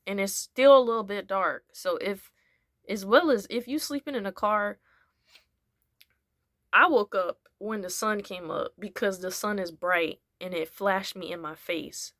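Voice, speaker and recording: A woman's voice: medium pitch, measured pace, no room sound, studio quality. A young woman telling a casual story, rambling with many fillers and acting out what people said. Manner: animated, acts out what people said. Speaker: vlogger.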